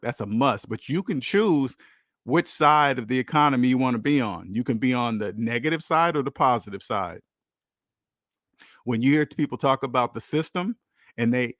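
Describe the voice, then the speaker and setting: A man's voice: mid-range voice, no echo, clean studio sound. A man hosting a finance channel, talking casually and preachily about money and debt, acting out the voices of people he quotes.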